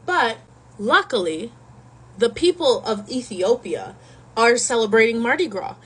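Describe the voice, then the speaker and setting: A woman casually retelling a Greek myth in a slangy, animated storytelling manner. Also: a little high, unhurried, husky, low-quality recording.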